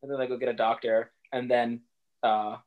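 A man's voice: mid-range voice, moderate pace, narrow, tinny audio. A man on a casual podcast, retelling a film's plot and acting out the characters' lines in put-on voices. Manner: animated, acts out characters' lines in put-on voices and laughs often. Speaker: podcast co-host. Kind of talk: casual chat retelling a film.

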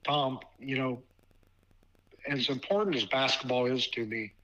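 Bright-voiced man telling a story. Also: medium pitch, steady tone, highs cut off. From Ohio. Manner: halting, repeats words often, chuckles. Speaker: podcast guest, basketball official and assigner. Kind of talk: casual storytelling interview.

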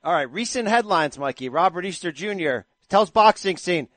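A man's voice: high-pitched, lively intonation, normal speed, a bit bright, no echo. A man hosting a sports talk show, asking questions in a playful, hyped-up way. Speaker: podcast host. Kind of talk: casual sports talk and interviewing.

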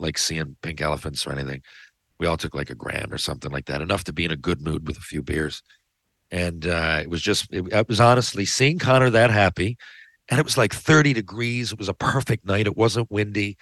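A middle-aged man with a lowish voice, chatting close to a podcast mic in a dry, dead room. He rambles through a story with plenty of "uh"s, swearing and asides to his listeners. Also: quick pace, a bit bright, dry recording. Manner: rambling and profane, with many fillers and asides to listeners. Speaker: podcast host. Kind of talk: casual storytelling chat. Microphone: podcast studio mic.

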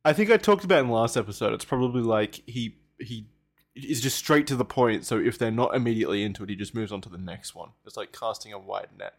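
A man's voice: fairly low pitch, expressive, fast talker, vocal fry. A man co-hosting a podcast, bluntly recapping a story and chuckling between lines. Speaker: podcast co-host. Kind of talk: casual comedic chat.

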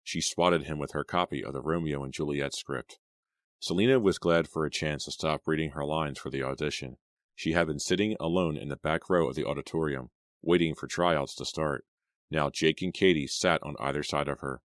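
A man narrating an audiobook in measured scripted narration, close to the mic. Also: rumbling low, dry recording.

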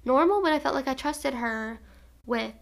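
A woman's voice: high-pitched, moderate pace. A woman in her twenties telling a personal story in a casual, rambling way, full of "like" and restarts. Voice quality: vocal fry. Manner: rambling, filler-heavy with frequent "like".

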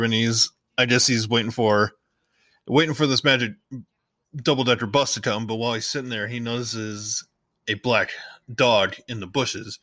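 This podcast host is a man whose bright, forward voice sits at medium pitch as he chats his way through a movie recap. His delivery wanders, with restarted sentences and the occasional playful leap into other characters' dialogue. It's captured close and dry, without any room sound.

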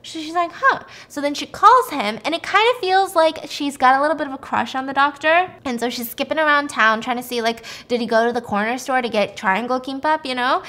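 Chatty woman retelling a movie, high voice. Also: fairly quick, hardly any pauses. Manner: chatty, animated, lots of fillers. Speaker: podcast host. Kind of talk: casual movie recap storytelling.

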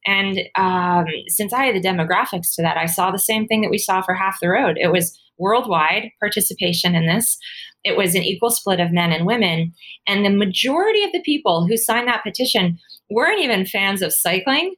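A woman's voice: mid-range voice, fairly quick. Chatty woman telling a story with laughs. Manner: animated, laughing storyteller with many fillers. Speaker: guest, former pro cyclist and author. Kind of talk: casual interview conversation.

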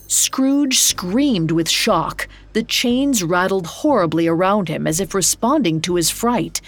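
A woman narrating a scripted story in a measured storytelling manner. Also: lowish voice, vocal fry. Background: faint music.

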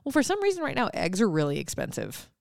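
A woman's voice: medium pitch, huge pitch swings, gravelly, no echo, clean studio sound. A young woman co-hosting a podcast, chatting casually about odd news with jokes and laughs. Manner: laughing, joking, quick asides. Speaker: podcast co-host.

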